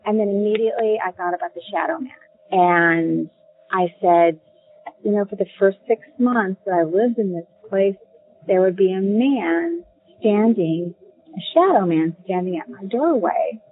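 A woman telling a personal ghost story in a casual, halting way, with many ums and restarts. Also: mid-range voice, husky. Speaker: caller sharing a ghost story. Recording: tinny phone line.

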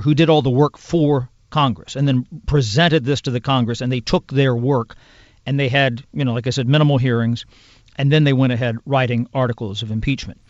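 A man who is a congressional news producer, explaining in a measured, detailed way as a podcast guest. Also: medium pitch, no room sound. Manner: measured, explanatory, piles up clauses and examples. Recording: dull lo-fi sound.

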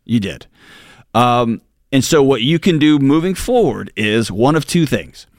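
A man's voice: medium pitch, lively intonation, a little slow, no echo, studio quality. A middle-aged man hosting a call-in advice show, blunt and emphatic as he drives home his points. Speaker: talk show host. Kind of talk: casual advice talk.

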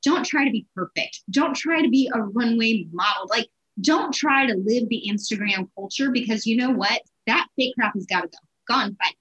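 A woman guest in an interview, giving sales advice in an energetic, animated way with quick bursts. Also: a little high, dull audio.

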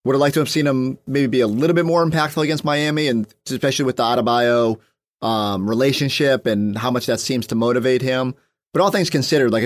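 A man in a casual podcast chat, working things out aloud with many restarts and fillers. His voice sits at an ordinary pitch, and the close mic leaves almost no room sound. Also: no echo. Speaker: sports reporter guest.

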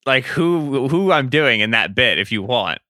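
A man with a bright, forward voice chats casually about football prospects, recorded dry and close. He is from Pennsylvania. Now and then he slips into animated announcer-style voices. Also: medium pitch, unhurried, dry recording. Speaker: podcast co-host, draft analyst. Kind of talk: casual chat.

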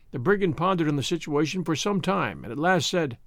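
Animated male storybook narrator. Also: a little high, brisk, hardly any pauses, no room sound, studio quality. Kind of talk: storybook reading.

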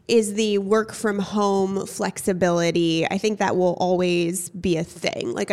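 A woman's voice: medium pitch, a little mellow, smooth. A young woman co-hosting a podcast with her sister, chatting casually, blunt and teasing, swearing freely. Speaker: podcast co-host. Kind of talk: casual chat.

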